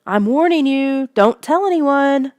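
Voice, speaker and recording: A woman voicing a secretive young girl who shouts slow, insistent warnings. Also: high voice, lively intonation, no room sound, pitched above the performer's own voice. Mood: threatening. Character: secretive young girl, calm then threatening.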